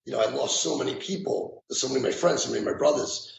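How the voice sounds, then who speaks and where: Gravelly, halting New man. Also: medium pitch, lo-fi sound. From New York. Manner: halting, with many restarts and repeated words. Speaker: retired firefighter guest. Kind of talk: emotional interview recollection. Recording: echoey room with faint background noise.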